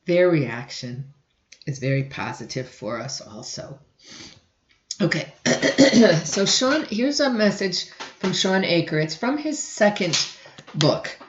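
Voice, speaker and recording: Throat-clearing woman lecturer, muffled. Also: fairly low pitch, roomy sound. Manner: clears throat often, restarts sentences. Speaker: college instructor. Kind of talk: recorded lecture.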